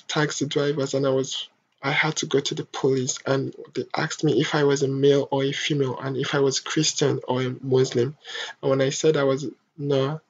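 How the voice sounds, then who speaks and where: A young adult vlogger from Africa, speaking in a soft, halting, emotional confessional monologue. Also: medium pitch, breathy edge. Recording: dull lo-fi home recording.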